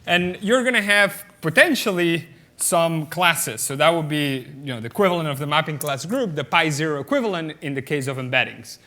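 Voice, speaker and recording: A man's voice: on the high side, lively intonation, a little fast, sharp tone. A man giving a mathematics lecture at a conference, explaining step by step with many fillers and often checking the audience with "okay?".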